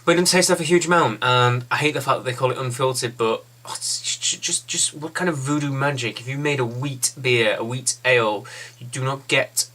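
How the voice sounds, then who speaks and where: A man's voice: medium pitch, brisk, hardly any pauses, bright, forceful tone. A man giving a casual, blunt and rambling beer review.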